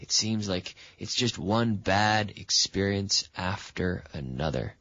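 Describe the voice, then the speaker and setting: A man hosting a radio English lesson, patiently quizzing a student and stressing words with lively intonation. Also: low voice, takes it slowly, dry recording. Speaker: English teacher and radio host. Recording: dull, lo-fi sound.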